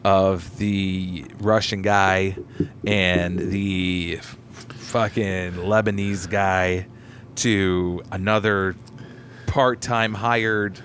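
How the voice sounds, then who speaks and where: A man's voice: deep voice, flat delivery, very slow, fairly bright tone. Delivery driver guy cohosting a podcast, rambling and swearing, bit of hiss in the background. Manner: rambling, profane storyteller. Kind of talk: casual chat.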